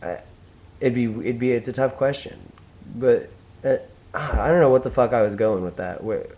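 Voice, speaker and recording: A young American man, a vlogger, talks alone in a casual, profane, rambling rant full of restarts. His voice is medium-pitched and mellow at a normal speed, and the recording quality is low.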